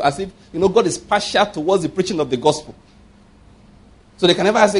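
A man's voice: high voice, fast talker. A man in his fifties preaching a sermon with emphasis, repeating his points and checking that listeners follow.

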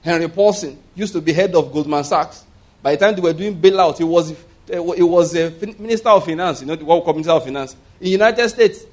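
A man's voice: fairly high pitch, fast talker. Preacher man. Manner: asks the congregation if they hear him, leads call-and-response with laughs. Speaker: pastor. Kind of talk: sermon.

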